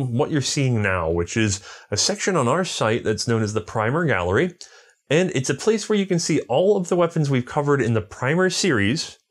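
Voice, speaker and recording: A man hosting a firearms history show, chatting casually and acting out voices in his anecdotes. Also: on the high side. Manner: animated storyteller, acts out voices in anecdotes. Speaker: show host.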